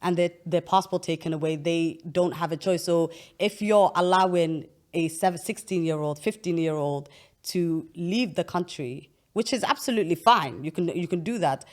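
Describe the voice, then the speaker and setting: Young woman with a pretty low voice, talks earnestly, lots of restarts, casual chat. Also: normal speed, darkish tone. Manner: earnest, explains at length with many restarts. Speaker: podcast host. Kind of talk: casual interview conversation.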